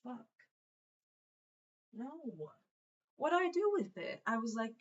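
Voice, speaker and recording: A woman's voice: sits high, expressive, slow, pauses often, dull audio. A woman hosting a podcast, rambling through a solo monologue, swearing and trailing off mid-thought. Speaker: podcast host.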